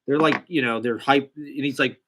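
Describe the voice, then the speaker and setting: A man's voice: mid-range voice, moderate pace, a bit bright. A young man telling a casual, rambling, profane, self-deprecating story about a small acting job. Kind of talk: casual monologue.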